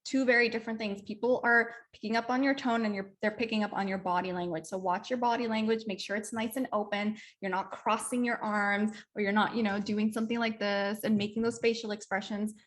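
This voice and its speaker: Over a video call, a young woman from Canada teaches a speaking workshop, demonstrating sample phrases and repeatedly asking "right?" to check in. She talks fairly quickly with few pauses, her mid-range voice keeping a steady tone.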